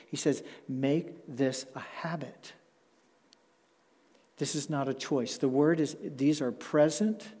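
A male pastor preaching a sermon in a measured, emphatic way, slowing down to stress key words. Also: fairly high pitch, warm tone. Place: church sanctuary. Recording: long church hall reverb.

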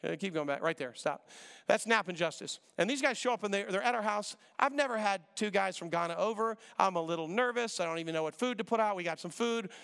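A middle-aged man preaching, telling a story in a quick, conversational way and acting out the dialogue. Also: high voice, vocal fry, fairly bright tone, clean tone. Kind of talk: sermon storytelling. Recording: reverberant hall.

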